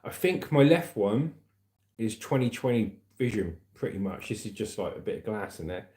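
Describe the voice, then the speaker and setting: A man's voice: lowish voice, sing-song, normal speed, dark tone. A man from southern England with a southern English accent, hosting a livestream at home and chatting casually with viewers, calling them mate and brother. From Aldershot, southern England. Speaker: livestream host. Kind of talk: casual livestream chat, reading out viewer comments. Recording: roomy echo.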